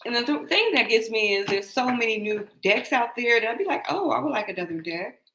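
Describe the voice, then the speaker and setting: With background noise behind her, this woman in her later years talks in an animated, brisk, fairly high voice. She's running a tarot livestream, rambling chattily, laughing a lot and addressing her viewers directly.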